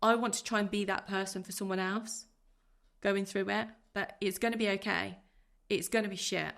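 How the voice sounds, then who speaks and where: A woman's voice: mid-range voice, steady tone, vocal fry, fairly bright tone. A woman in her thirties, a podcast guest telling her own story in an earnest, heartfelt way. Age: 30s. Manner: earnest, heartfelt, speaks in rushes of feeling. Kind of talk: emotional personal interview.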